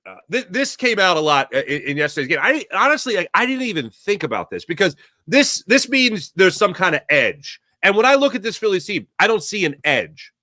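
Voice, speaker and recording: A man hosting a sports podcast, talking through recent games in excited, rambling, fan-like commentary. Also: sits high, moderate pace, dry recording, clean studio sound. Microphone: podcast mic.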